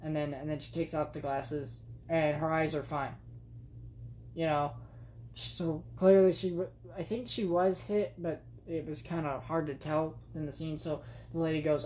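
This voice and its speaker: A woman's voice: on the low side, moderate pace, darkish tone. A young adult woman reviewing a film in a vlog, chatty and exasperated, with lots of fillers. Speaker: movie vlogger. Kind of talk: casual movie review rant.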